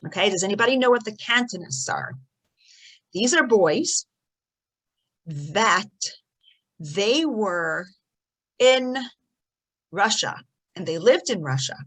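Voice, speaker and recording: A woman teaching a lesson through stories, animated, swinging between loud and soft for emphasis. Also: medium pitch, slow, long pauses, slightly rough, rough recording. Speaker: rebbetzin teaching. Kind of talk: storytelling lesson.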